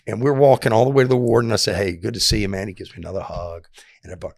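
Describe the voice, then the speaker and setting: Gravelly middle-aged man telling a story. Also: on the low side, very fast, dry recording, clean studio sound. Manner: animated, acts out quoted voices, repeats and restarts often. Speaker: podcast guest telling his prison story. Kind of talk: casual storytelling.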